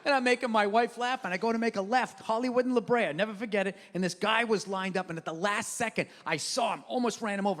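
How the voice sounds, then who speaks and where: On a comedy stage before an audience, a man performs a stand-up set, ranting brashly through profane stories. His voice sits high and sounds a bit bright, echoing in a large hall.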